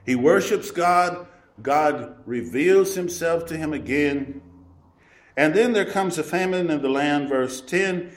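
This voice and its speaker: A man's voice: on the high side, unhurried. Folksy preacher man in a roomy space. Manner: folksy, emphatic, swings from loud to hushed. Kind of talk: sermon. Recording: roomy echo.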